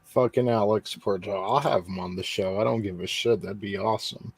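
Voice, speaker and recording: A man hosting a wrestling podcast, recapping shows in a laid-back way with quick asides. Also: fairly low pitch, steady tone, vocal fry, breathy edge, no echo. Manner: laid-back, reads results with asides and fillers. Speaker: podcast host.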